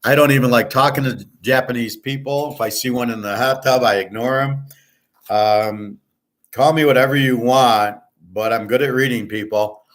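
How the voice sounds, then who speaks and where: A man's voice: medium pitch, fairly even intonation, moderate pace. A middle-aged man from the United States, hosting a betting show and telling a rambling story in a blunt, profane, indignant way. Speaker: sports betting show host.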